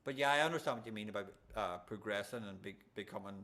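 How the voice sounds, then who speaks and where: A man's voice: lowish voice, fast, pushed and bright. A man hosting a casual podcast, blunt and emphatic, swearing freely as he rambles through his opinions. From Ireland. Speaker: podcast host.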